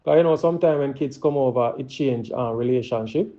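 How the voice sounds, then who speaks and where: Jamaican man hosting a live chat. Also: medium pitch. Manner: plain-spoken, quick follow-up questions. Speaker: host. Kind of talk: casual live-stream chat. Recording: dull lo-fi call audio.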